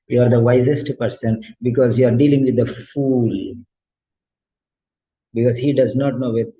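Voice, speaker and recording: Man, exam coach, motivational lecture, repeats himself for emphasis, mid-pitched, dull lo-fi audio. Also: brisk. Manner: lively, preachy, repeats phrases for emphasis.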